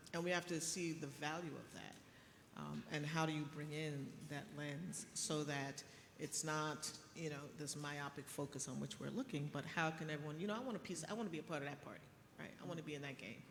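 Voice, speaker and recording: A middle-aged woman physician speaking on a conference panel, telling stories in a lively way with laughs. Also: low-pitched, fairly quick, gravelly, slight background noise. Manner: animated storytelling with laughs. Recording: echoey hall with faint ambience.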